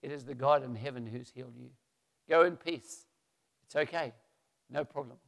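A man voicing a calm, humble old prophet in a retold Bible story. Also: medium pitch, moderate pace, vocal fry, in a large hall.

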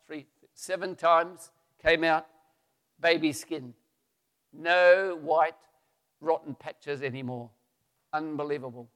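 A man retelling a Bible story as a preacher, lively and acting out the voices. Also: on the high side, long reverb tail.

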